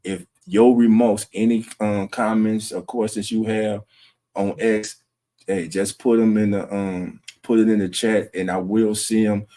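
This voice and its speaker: A man hosting a late-night sports livestream at home, talking low and greeting chat viewers by name. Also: flat delivery, unhurried, mellow. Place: home room at night with wife resting nearby.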